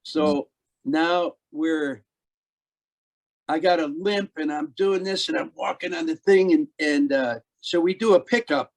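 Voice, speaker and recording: A man with a slightly raised voice reminisces as a guest, chuckling through his stories. His talk is relaxed and chatty. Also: fairly high pitch, measured pace, rough recording. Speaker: actor guest. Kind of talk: casual reminiscing conversation.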